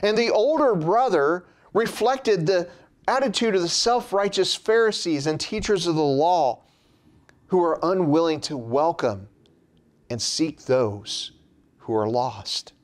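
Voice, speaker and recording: A man preaching a sermon in a slow, measured way, his pitch dropping at the end of phrases. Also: lively intonation.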